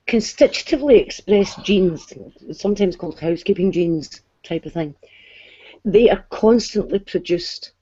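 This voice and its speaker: A woman on an online call explains things patiently, one step at a time. Her voice is soft and mellow. The audio is dry and a little dull. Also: lowish voice, no echo. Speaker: guest explaining science. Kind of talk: casual explanatory chat.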